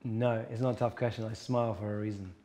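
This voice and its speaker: A man's voice: fairly low pitch, fairly even intonation, quick pace, mellow. A man speaking as a coach in an interview, earnest and emphatic, repeating his key points. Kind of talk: conversational interview.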